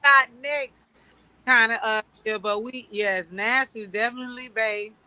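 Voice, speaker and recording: A woman moderating a casual panel, speaking encouragingly with many fillers and pauses. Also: on the high side, steady tone. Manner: warm, encouraging, halting with fillers.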